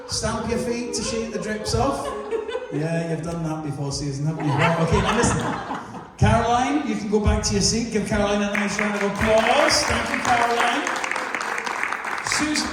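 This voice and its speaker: A magician doing jokey, teasing banter with volunteers during a live show in a large hall. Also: male voice, high-pitched. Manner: jokey, teasing audience banter, laughing often. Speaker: magician and entertainer. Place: large church hall with audience. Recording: echoey hall recorded from far off, noisy.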